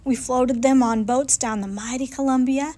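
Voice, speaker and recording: A woman reading a picture book aloud in a lively, folksy storytelling manner, in a library. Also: sits high, moderate pace.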